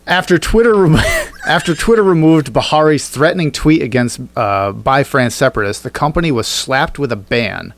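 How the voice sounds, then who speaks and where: A man's voice: a little high, expressive, normal speed. A man co-hosting a casual satirical podcast, swearing freely and reading tweets aloud with jokey asides. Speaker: podcast co-host.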